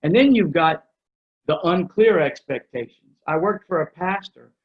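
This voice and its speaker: A middle-aged man giving a workshop talk on ministry. He tells energetic, joking stories. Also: high voice, measured pace. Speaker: ministry speaker. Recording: dull lo-fi recording.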